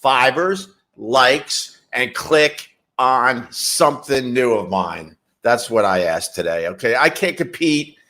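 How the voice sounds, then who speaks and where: A man's voice: medium pitch, animated, slow pace, bright, forceful tone. A man hosting a casual livestream, reading chat messages and rambling wryly with casual swearing. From New York.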